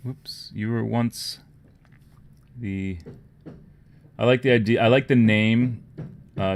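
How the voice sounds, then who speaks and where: A man from Canada with a Toronto accent, hosting a casual livestream, rambling and low-key and often trailing off into quiet murmurs. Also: steady tone, slow, long pauses, slight background noise. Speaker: livestream host. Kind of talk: casual livestream chat while painting miniatures.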